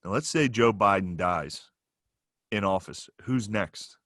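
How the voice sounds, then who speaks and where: A man putting on the voice of his grumpy, suspicious older father, low and muttering. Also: slow, a bit bright, no echo, clean studio sound. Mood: conspiratorial. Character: grumpy older male dad, gruff and suspicious.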